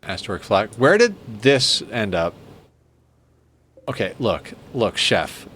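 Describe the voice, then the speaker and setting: A man's voice: on the low side, very animated, slow pace, fairly bright tone, slightly rough. Sarcastic, rambling male game streamer. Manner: rambling, sarcastic, swears freely. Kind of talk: casual live-stream chat while gaming.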